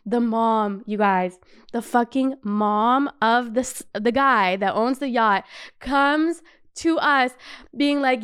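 A young woman with a high, smooth voice tells a story on her podcast in a casual chat. She talks in an animated way, swears freely and laughs often, with "like" in almost every sentence. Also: slow pace. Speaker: podcast host.

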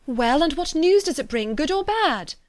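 A woman reading a classic novel aloud, voicing an eager, sharp-witted young woman who speaks in urgent exclamations. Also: sits high, sing-song, normal speed, dry recording, pitched above the performer's own voice. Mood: anxious, urgent.

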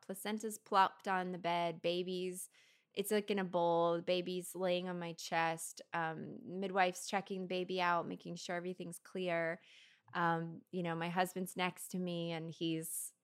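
A woman in her thirties co-hosting a podcast, telling a story in casual chat, chatty and quick to laugh. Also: lowish voice, level tone, a bit bright, clear, resonant tone. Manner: chatty, laughs often, many fillers. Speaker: podcast co-host.

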